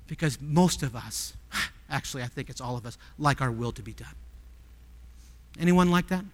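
A male pastor preaching a sermon, asking the congregation rhetorical questions and swinging from hushed tones to loud cries. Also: mid-range voice, animated, normal speed, long reverb tail.

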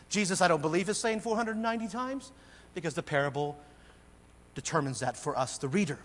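High-voiced male pastor in a reverberant hall. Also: animated, a little fast. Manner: earnest preaching that swings between bursts of emphasis and quiet, intense asides. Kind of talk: sermon. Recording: long reverb of a large church hall.

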